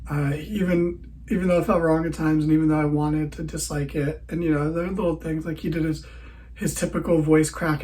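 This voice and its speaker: A man's voice: a little high, a little mellow, low-quality recording. A tired man hosting a podcast, giving a rambling, sarcastic recap of a wrestling show. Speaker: podcast host.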